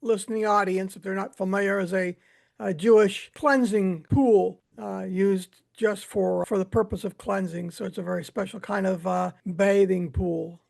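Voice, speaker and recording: Gravelly man explaining, pausing often. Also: sits high, steady tone, a little mellow. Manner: measured explainer with frequent hesitations. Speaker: podcast co-host. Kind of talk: casual explanatory chat.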